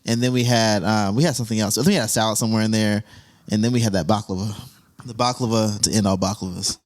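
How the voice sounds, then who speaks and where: A man's voice: fairly low pitch, fast. A young man hosting a casual chat, telling stories with lots of laughter. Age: young adult. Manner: animated storyteller, laughs often, goes on tangents. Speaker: podcast host.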